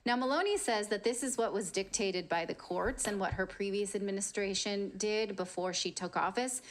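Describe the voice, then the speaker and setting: A woman co-hosting, calmly summarizing a news story in a matter-of-fact way. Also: medium pitch, normal speed, slight background noise. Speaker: co-host reading news.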